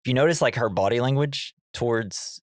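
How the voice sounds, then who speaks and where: A man's voice: mid-range voice, brisk, dry recording, studio quality. A man co-hosting a movie podcast, recapping scenes in casual chat and acting out the characters' lines. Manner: animated, acts out character lines. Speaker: podcast co-host.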